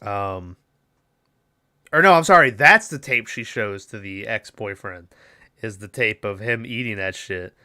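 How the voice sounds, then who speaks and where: A man's voice: lowish voice, expressive, a little slow, bright, forceful tone. A young man co-hosting a podcast, casually recapping a movie in a rambling, profane way and acting out its lines. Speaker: podcast co-host.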